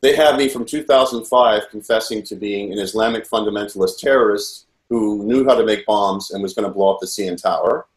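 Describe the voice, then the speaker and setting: A man's voice: on the low side, brisk, hardly any pauses. A man as an interview guest, telling a personal story in an earnest, rambling way with frequent restarts. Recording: roomy echo.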